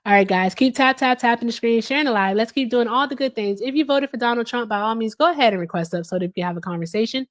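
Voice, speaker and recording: Woman live-streamer, casual and chatty, slightly high pitch, reacts to viewer comments. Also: quick pace, hardly any pauses. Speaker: livestream host. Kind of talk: casual livestream chat.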